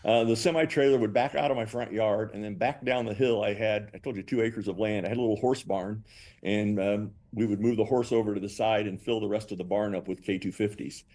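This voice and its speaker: Older man telling animated stories. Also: lowish voice, a little fast. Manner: animated storyteller who acts out both sides of conversations. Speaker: guest, company founder. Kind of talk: storytelling interview answers.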